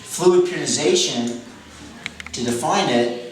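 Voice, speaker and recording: A man's voice: fairly high pitch, animated, unhurried, a little hiss or hum. A man coaching, explaining a training method in a methodical way, repeating key phrases and correcting himself as he goes. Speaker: fitness coach. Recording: echoey room, mic at a distance, music behind.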